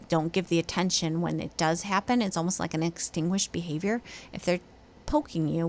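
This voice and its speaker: Chatty woman podcast host, lowish voice. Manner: chatty, animated, acts out kids' and parents' voices. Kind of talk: casual advice talk.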